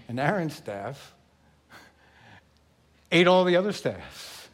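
Male pastor, emphatic and animated sermon delivery, high voice, deliberate pace. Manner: animated, emphatic, acts out the story.

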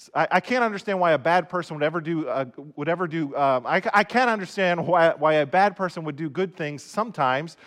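A male pastor giving a relaxed, conversational sermon, with a voice pitched a bit high for a man. He often repeats a word as he restarts a thought. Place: recorded for online viewers at home.

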